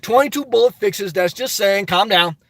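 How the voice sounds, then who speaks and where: A man's voice: sits high, normal speed, a bit bright, no room sound. A man reading chat on a phone live stream, talking politics in an emphatic casual way. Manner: emphatic, repeats "okay?" and "good job".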